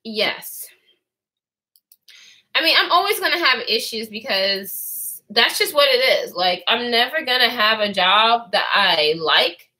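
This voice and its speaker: A woman's voice: a little high, animated, unhurried, pushed and bright. A woman in her twenties chatting in a candid storytime vlog, profane and chatty, answering comments. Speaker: vlogger. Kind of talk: storytime chat with live comments.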